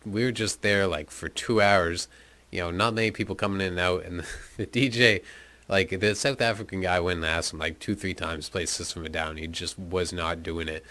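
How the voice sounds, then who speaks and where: A man's voice: low-pitched, steady tone, moderate pace, sharp tone. A man from North America telling a rambling, profane travel anecdote in a laid-back, casual way. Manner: profane, laid-back storytelling with frequent fillers. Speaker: storyteller recounting travels.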